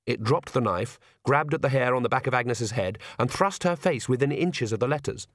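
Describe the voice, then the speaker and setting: A man narrating a story in a measured, even way. His voice sits mid-pitch and sounds dry and close to the mic. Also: no room sound. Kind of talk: audiobook narration.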